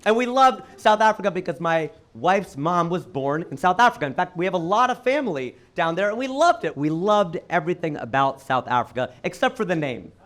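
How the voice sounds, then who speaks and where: An American man performing a stand-up comedy routine on stage, animated and exclaiming his punchlines. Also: high voice, fairly quick, few pauses. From United States. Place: comedy stage before a live audience.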